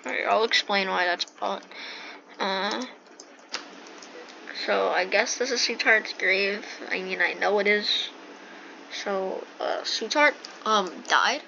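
A woman commentating a game at an unhurried pace, reading on-screen text aloud and wondering out loud at it. Her voice is bright and a bit sharp. It comes through a dull, lo-fi mic with a faint hiss behind. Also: mid-range voice, gravelly. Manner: reads game text aloud with puzzled remarks. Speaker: gameplay video host.

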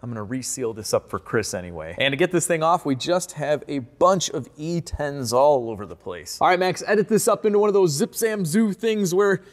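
A man's voice: on the high side, brisk, few pauses. Upbeat joking male car-repair vlogger. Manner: upbeat and joking, with sudden excited whoops. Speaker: host and car mechanic. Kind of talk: casual repair vlog commentary. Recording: echoey garage reverb.

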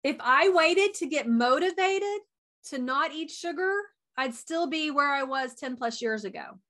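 A woman, giving a chatty, animated motivational talk as a wellness coach. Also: high-pitched. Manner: chatty and animated, says y'all a lot; talks fast.

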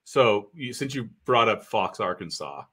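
A man's voice: on the low side, expressive, unhurried, bright, forceful tone. A man co-hosting a genealogy live stream, dropping brief, wry remarks in casual chat.

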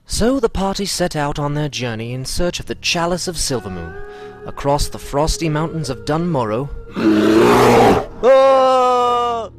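A man tells a comedy fantasy tale in a lively, rising and falling voice that sits a little high. His delivery is playful and mock-epic, with faint music running behind him. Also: normal speed. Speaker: narrator. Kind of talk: scripted comedic narration.

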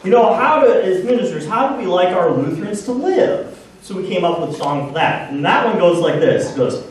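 A man's voice: high-pitched, big pitch swings, fairly quick, slight background noise. A man doing a folksy comic story at a church variety show, joking and breaking into sung parodies. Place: church hall. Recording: echoey hall, distant mic.

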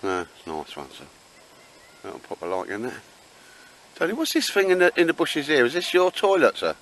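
Teasing bloke at a campsite. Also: male voice, fairly high pitch, huge pitch swings, a little fast, noisy background. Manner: joking, teasing, chatty with lots of "mate" and "sir". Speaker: vlogger. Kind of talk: casual banter. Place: outdoor campsite.

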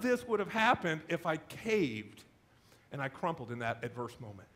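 Animated middle-aged preacher telling a story. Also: male voice, high voice, normal speed, a little hiss or hum. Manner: animated, self-deprecating storyteller. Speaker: pastor. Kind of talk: storytelling sermon.

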